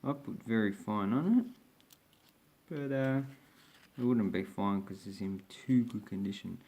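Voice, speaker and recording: A coin collector vlogger speaks a little slowly in a fairly low, warm and slightly rough voice, casually rambling through his collection on his channel with hesitant restarts.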